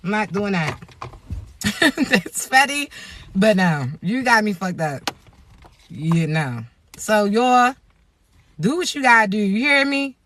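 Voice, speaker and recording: A woman vlogger giving blunt, profane spiritual advice in a joking, streetwise way, with low "mm-mm" asides. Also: big pitch swings, slow pace, pauses often, fairly bright tone, a little hiss or hum. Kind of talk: casual spiritual advice rant.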